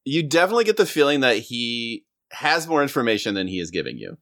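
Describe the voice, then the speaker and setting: A man narrates as game master at a mid pitch. He describes scenes with pauses and restarts. His delivery is loose and conversational. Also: sing-song, vocal fry, a bit bright. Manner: meandering, hesitant description.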